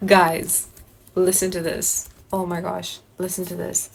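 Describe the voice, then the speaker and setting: A woman's voice: on the low side, flat delivery, unhurried, creaky, slight background noise. A young woman vlogging casually about a book she is reading, talking in an emotional, slangy, gushing way.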